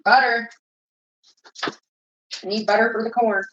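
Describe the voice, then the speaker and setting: A woman's voice: a little high, fairly even intonation, a little slow, a bit bright, highs cut off, slight background noise. A woman vlogger telling a rambling, profane story while she cooks. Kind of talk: casual storytelling while cooking.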